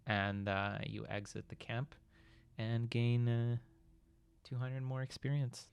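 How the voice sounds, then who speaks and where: A man running a tabletop game as game master, narrating in a relaxed way with many fillers. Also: medium pitch, slow pace, gravelly, smooth, dry recording.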